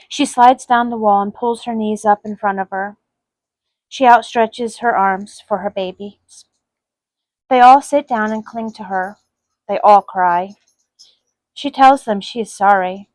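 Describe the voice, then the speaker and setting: A woman reading her own short story aloud in a soft, earnest manner. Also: on the high side, dry recording, poor audio. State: voice cracking with emotion.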